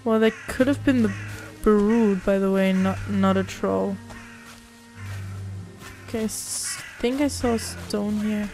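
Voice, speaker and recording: A woman's voice: medium pitch, steady tone, slow, a little mellow, soft background music. Jumpy swearing woman narrating her gameplay. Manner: jumpy, swearing, talks to herself while playing. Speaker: gaming channel host. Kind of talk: live gameplay commentary.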